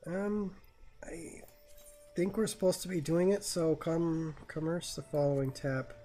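A man's voice: on the high side, fairly even intonation, unhurried, warm tone, soft background music. A man streaming a game live, joking crudely and swearing as he plays. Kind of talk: live gameplay commentary.

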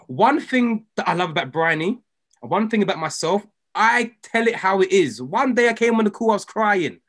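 A man leads a motivational group call with a fairly high voice. He talks in an emphatic, preachy way, swinging from loud exhortation to near-hushed intensity. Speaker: trading coach leading a group call.

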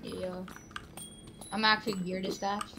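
A woman co-player chatting casually during a gaming stream, quick and insistent, often repeating herself. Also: mid-range voice, flat delivery, pushed and bright, slight background noise.

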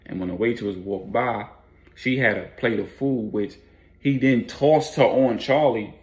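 A man's voice: lowish voice, unhurried. A man casually narrating a street story in laid-back slang with fillers.

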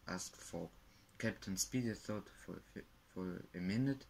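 A man's voice: sits low, a little slow, gravelly, darkish tone, a little hiss or hum, low-quality recording. A man reading a story aloud carefully, with small restarts. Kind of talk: reading a graded reader aloud.

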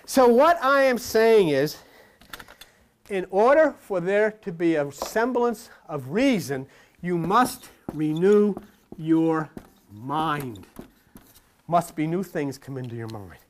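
An older man preaching a sermon to a congregation in a folksy, joking way, swinging between loud asides and low murmurs. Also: expressive, slow pace.

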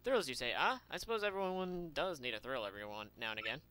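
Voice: medium pitch, animated, quick pace, pushed and bright, slight background noise. A gamer voicing a vain, dramatic rich merchant man in a put-on Spanish accent, reading game dialogue in a pompous, theatrical manner.

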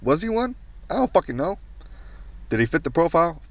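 A man's voice: on the high side, very animated, brisk. A man doing a profane comedic rant, blunt, crude and mocking. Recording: distant dull recording.

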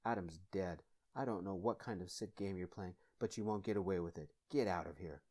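A man voicing a hostile, scornful brother in a soft-spoken ASMR story. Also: sits low, brisk. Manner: scowling, accusing.

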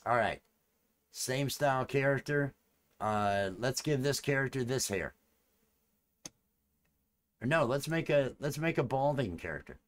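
A man's voice: mid-range voice, lively intonation, a little slow, pauses often. A man chatting casually with viewers during a live stream. He rambles and repeats his phrases as he works, and he.

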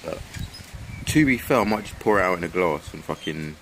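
Laid-back young man, very deep voice. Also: lively intonation, fairly quick, fairly bright tone, a little hiss or hum. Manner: laid-back, slangy, swears a lot. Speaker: vlogger. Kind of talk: casual chat to camera. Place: at home and outdoors.

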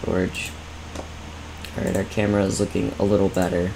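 A young man streaming a video game, reacting with excited exclamations and swearing in casual chatter. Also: low voice, normal speed, vocal fry, noisy background.

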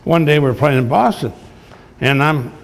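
A man's voice: on the high side, lively intonation, normal speed, vocal fry. An older man, a retired baseball manager, telling folksy, blunt stories to an audience in a large hall. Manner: folksy, blunt, salty anecdotes. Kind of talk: storytelling speech to an audience. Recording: echoey hall recording.

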